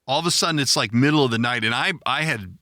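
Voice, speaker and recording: Middle-aged male podcast host, profane self-deprecating storyteller, bright tone, dry booth. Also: medium pitch, fast, dry recording. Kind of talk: casual storytelling chat.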